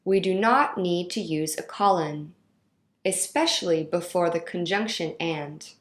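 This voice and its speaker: A woman reading out a grammar lesson in a clear, instructional way. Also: fairly low pitch, echoey room. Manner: slow, clear instructional delivery. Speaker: teacher. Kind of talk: scripted lesson narration.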